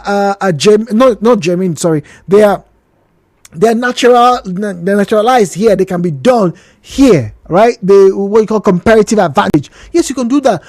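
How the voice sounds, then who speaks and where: A woman with a Nigerian accent hosting a radio talk show, opening it with a lively monologue and questions for the listeners. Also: on the high side, no room sound. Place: radio studio. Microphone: studio microphone.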